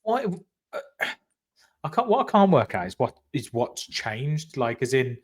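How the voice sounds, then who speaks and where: Guy hosting a football podcast, talks in long excited run-on bursts over a video call. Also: medium pitch, a little slow. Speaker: podcast host. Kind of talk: casual football chat.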